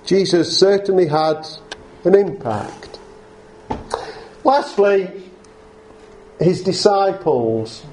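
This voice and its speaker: A man preaching a sermon to a congregation, talking in an unhurried way with frequent fillers and restarts. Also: high-pitched, lively intonation, darkish tone, slight background noise.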